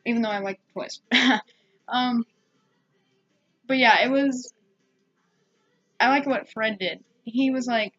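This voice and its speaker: A woman's voice: on the high side, takes it slowly, pauses often, fairly bright tone, muffled recording, faint music behind. A woman giving a casual, rambling spoken movie review at home, full of fillers and restarts.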